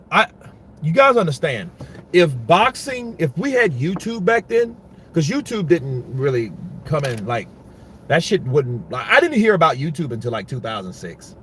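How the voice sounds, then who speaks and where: A man's voice: a little high, big pitch swings, moderate pace, fairly bright tone, slight background noise. A man giving casual, rambling boxing commentary, full of profanity and restarts.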